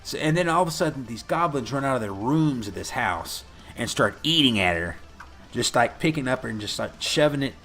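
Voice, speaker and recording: A man's voice: medium pitch, expressive, fairly quick, a bit bright, faint music behind. A man co-hosting a casual podcast, recapping a movie scene by scene, swearing often and acting out lines. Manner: profane, laughing, acts out film lines. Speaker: podcast co-host.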